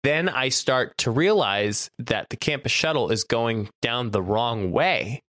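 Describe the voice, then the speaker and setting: A man chatting casually on a podcast, telling a story with lively acted-out quotes. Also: medium pitch, a little slow, no echo, studio quality. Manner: animated, acts out quoted voices. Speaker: podcast co-host, campus photographer.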